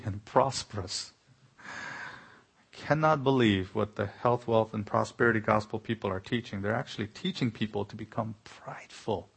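A man's voice: mid-range voice, creaky, breathy edge. A man preaching an earnest sermon as a pastor, building to pointed exclamations.

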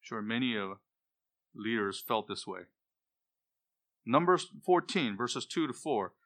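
A man delivers a sermon in an impassioned, emphatic style, his voice pushing hard to loud peaks on the points he stresses. His tone is bright and forceful, and his pitch sits in the middle range. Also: lively intonation, slow. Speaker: preacher.

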